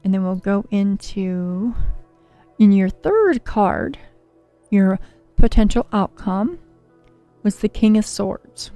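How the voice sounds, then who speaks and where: A woman's voice: mid-range voice, takes it slowly, mellow, faint music behind. A woman hosting a casual tarot livestream, talking with viewers in a soothing, chatty way, her voice a little scratchy from a cold. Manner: soothing, chatty, reads viewer names and card meanings. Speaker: tarot reader and livestream host.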